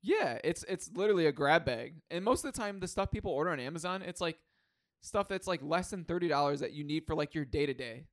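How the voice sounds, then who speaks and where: A man's voice: fairly high pitch, lively intonation, quick pace. A young man co-hosting a podcast, chatting in an easygoing way full of fillers. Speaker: podcast co-host. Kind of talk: casual chat.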